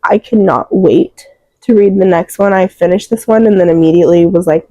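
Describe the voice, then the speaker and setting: Low, mellow-voiced young woman gushing about books. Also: brisk, no room sound, lo-fi sound. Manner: emotional, rambling, many "like" fillers. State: close to tears. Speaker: book reviewer. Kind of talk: casual book wrap-up chat.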